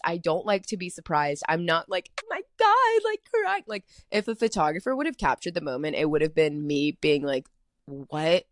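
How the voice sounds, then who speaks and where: A woman's voice: lowish voice, no echo, studio quality. Chatty young woman podcaster, rambling. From Atlanta, US. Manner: chatty, rambling, heavy filler "like". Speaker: podcast host. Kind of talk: casual solo storytelling.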